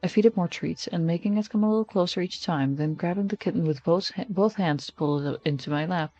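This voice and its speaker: A man's voice: high-pitched, a little fast, darkish tone, no echo, highs cut off, faint music behind. A man streaming, reading a text game aloud in first person with casual, wry asides. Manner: casual, wry asides between narrated lines.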